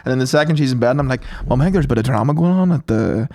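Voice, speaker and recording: A man's voice: mid-range voice, animated, mellow. A man co-hosting a comedy podcast, telling rambling stories in casual chat. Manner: fast, rambling storyteller. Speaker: podcast co-host.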